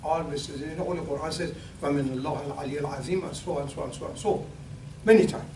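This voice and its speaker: A man's voice: fairly high pitch, darkish tone. Older man preaching in an echoey hall. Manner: halting, repeats words and restarts, rises for emphasis. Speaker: imam. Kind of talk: pre-sermon talk. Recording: echoey hall, distant mic, faint hum.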